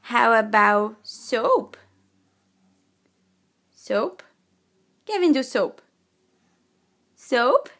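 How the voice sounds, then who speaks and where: A woman coaching her toddler to sign words, speaking slowly and clearly, drawing out each word and offering frequent praise. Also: very animated, a bit bright. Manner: slow and clear, drawn-out words with frequent high-pitched praise. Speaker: mother teaching her toddler sign language. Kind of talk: slow, sing-song coaching of a toddler.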